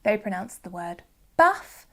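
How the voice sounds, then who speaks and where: A Southern English woman with a fairly high voice presents a phonics lesson in an educational video, speaking a little slowly. As a phonics teacher, she sounds out words with clear, careful modelling of each sound.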